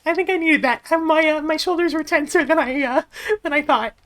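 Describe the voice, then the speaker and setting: A woman's voice: sits high, brisk, fairly bright tone. A woman co-hosting a game stream, chatting in an enthusiastic, supportive, giggly way. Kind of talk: casual chat.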